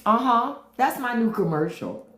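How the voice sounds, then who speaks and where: A woman's voice: fairly high pitch, expressive, moderate pace, fairly bright tone, reverberant, a little hiss or hum. Blunt, profane woman streamer. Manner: blunt, profane, reads out viewer comments. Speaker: livestream host. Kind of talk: casual livestream commentary.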